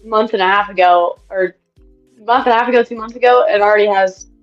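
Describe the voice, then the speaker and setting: A young woman chats excitedly, trailing off and restarting her sentences. Her voice comes through a dull, lo-fi connection, with faint music behind her. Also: medium pitch, fairly quick. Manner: excitable, uses filler words and restarts. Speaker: co-host, racer. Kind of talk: casual chat. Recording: dull lo-fi audio.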